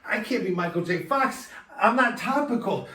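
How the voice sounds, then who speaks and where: A man playing a frantic comedian patient who keeps slipping into loud, jumpy put-on voices. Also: animated, moderate pace, echoey room, far from the mic. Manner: frantic, loud, jumping pitch and pace between put-on voices. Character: manic male comedian lurching between impressions.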